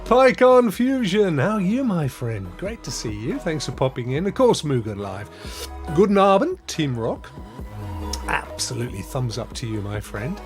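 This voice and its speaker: An English man hosts a casual live stream, chatting upbeat, laughing often, greeting viewers and reading their comments. His mid-range voice swings widely in pitch at a moderate pace over soft background music.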